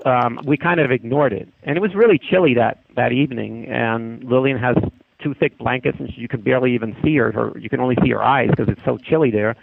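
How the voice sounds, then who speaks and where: A guest with a gravelly, husky, medium-pitched voice tells a long, haunting story, rambling casually and often restarting mid-sentence. He comes through a narrow, tinny phone line, and the sound is dry with no room around it.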